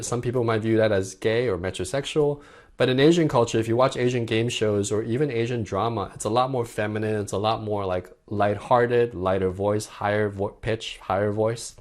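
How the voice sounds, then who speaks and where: A young man coaching dating straight to camera, his voice sitting a little low. He talks in a casual, animated way and now and then acts out bright, high tones to show how people sound. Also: normal speed. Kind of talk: direct-to-camera coaching talk.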